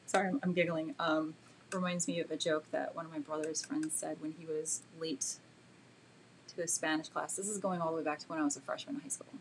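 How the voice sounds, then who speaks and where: Chatty woman teaching live, low voice. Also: fairly even intonation, brisk, slight background noise. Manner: chatty and self-deprecating, many fillers; gentle, talks while she works. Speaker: art instructor. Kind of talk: live painting demo with viewer Q&A.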